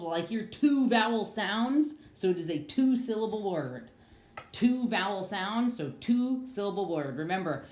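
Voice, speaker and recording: A woman teaching a phonics lesson to young students in a virtual classroom, patient and encouraging, slowing down on key terms. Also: fairly low pitch, a little mellow, echoey room.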